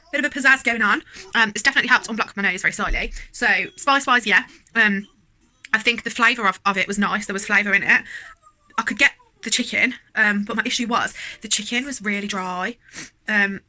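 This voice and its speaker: A woman's voice: medium pitch, pushed and bright, rough recording. A young woman vlogging at home, chatting in a rambling, self-deprecating way while reviewing a meal. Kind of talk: casual food review chat.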